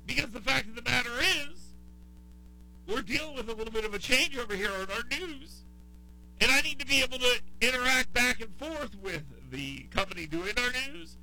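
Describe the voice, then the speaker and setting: A man from the American South hosting a talk radio show in casual chat. He rants with exasperation and circles back to the same point. His voice is high and bright with real edge. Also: lively intonation, normal speed, creaky, rough recording. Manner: exasperated ranting with repetition.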